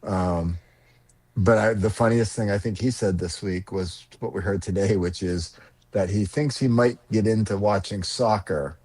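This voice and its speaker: A middle-aged man co-hosting a casual livestream chat, calm and measured. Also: on the low side, dry recording. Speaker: co-host.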